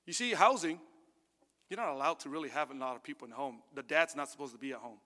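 A man preaching a sermon as pastor, telling a personal testimony in an animated way, dropping to a hush and then rising loud. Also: medium pitch, fast, long reverb tail. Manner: animated storytelling, swings from hushed to loud.

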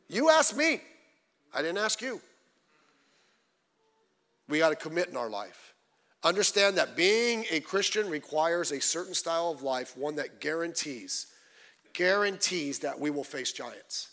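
High-voiced preacher man, shouting and animated. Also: normal speed. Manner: animated, shouting at climaxes, folksy asides. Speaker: pastor. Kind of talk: sermon.

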